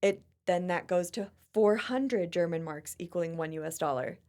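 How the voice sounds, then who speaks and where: A woman hosts a podcast with a chatty, expressive delivery. Her voice sits low for a woman, and the talk stays loose and casual. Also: moderate pace. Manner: chatty and expressive, often laughing. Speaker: podcast host. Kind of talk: casual chat.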